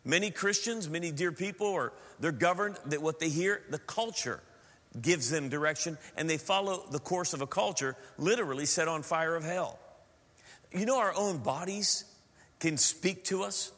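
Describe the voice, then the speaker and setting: A middle-aged pastor preaching with a high, bright, ringing voice. He tells stories with humor and keeps putting questions to the congregation. His voice echoes with a long reverb through a church hall. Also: normal speed. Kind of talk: sermon.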